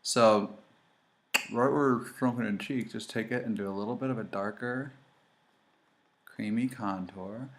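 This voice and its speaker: A man hosting a casual makeup tutorial, chatty and animated, talking straight to his viewers as he demonstrates. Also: fairly low pitch, measured pace, long pauses, slight background noise.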